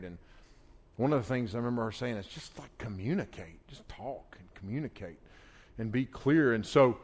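A man preaching a sermon at a marriage conference, conversational, swinging between loud emphasis and quiet asides. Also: medium pitch. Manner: conversational preaching with loud bursts and soft drops. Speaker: pastor.

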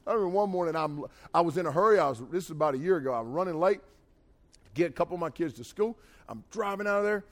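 A middle-aged man preaching a sermon, folksy and animated, with jokey asides. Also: high-pitched, quick pace. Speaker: pastor. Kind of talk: sermon with storytelling.

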